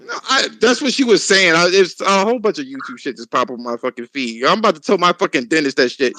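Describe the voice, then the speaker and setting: A man hosting a casual podcast chat, telling stories in a loud, profane, laughing way. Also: a little high, fast talker, few pauses, low-quality recording. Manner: animated, profane, laughing storyteller. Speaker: podcast host.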